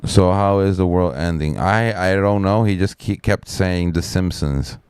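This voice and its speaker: A middle-aged man rambling through a profane story on a casual live stream, with lots of fillers and a sharply higher voice when he quotes other people. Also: measured pace, a little mellow, smooth, no echo. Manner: raises pitch sharply when quoting others.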